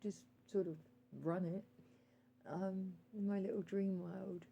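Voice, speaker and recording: A woman vlogger speaking earnestly straight to one listener, calling him sir, pausing often with ums and reading out her timer as she goes. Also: medium pitch, level tone, creaky, highs cut off, a little hiss or hum. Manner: calls out timer readings while talking. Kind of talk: direct-to-camera monologue.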